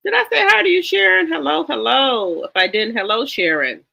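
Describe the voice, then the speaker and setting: A livestream host chatting casually with viewers, greeting them one by one with repeated hellos and often pausing with ums. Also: high-pitched, lively intonation, gravelly, bright, forceful tone. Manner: chatty, with frequent ums and restarts. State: a little tired. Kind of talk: casual live-stream chat. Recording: slightly dull lo-fi sound.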